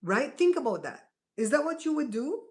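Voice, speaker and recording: A woman's voice: high voice, sing-song, moderate pace. A woman hosting a casual live stream, chatting to her viewers and often checking in with "right?". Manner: chatty, talks straight to her chat with many "right?" asides.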